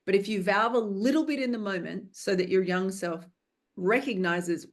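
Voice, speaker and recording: A woman's voice: mid-range voice, normal speed. A woman film director speaking as a guest in an interview, earnest and reflective, coaching in tone, and stretching some words out for emphasis. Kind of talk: conversational interview.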